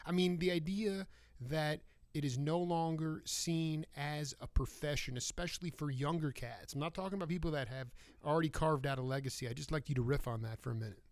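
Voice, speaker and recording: A man's voice: a little high, fairly quick, a little mellow, no room sound. Rambling man host asking questions. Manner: rambling questions with many restarts and fillers. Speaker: radio show host. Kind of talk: interview questions.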